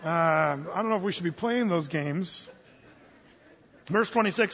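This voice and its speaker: A man's voice: sits high, measured pace, pauses often, a bit bright, breathy edge. A man preaching a conversational sermon, folksy and humorous, with frequent stumbles and restarts. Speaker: pastor. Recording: dull, reverberant hall sound.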